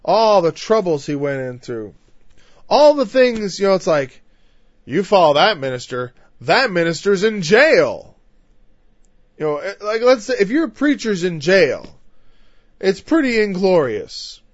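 Male preacher, somewhat high voice, conversational and impassioned; dry, dull lo-fi recording. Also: big pitch swings, measured pace, no echo. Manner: talkative, peppered with "you know", builds to impassioned lists. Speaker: preacher teaching a Bible passage. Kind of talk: conversational sermon.

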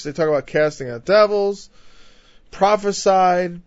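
Male preacher, somewhat high voice, conversational and impassioned; dry, dull lo-fi recording. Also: normal speed, darkish tone, no room sound. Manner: talkative, peppered with "you know", builds to impassioned lists. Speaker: preacher teaching a Bible passage. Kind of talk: conversational sermon.

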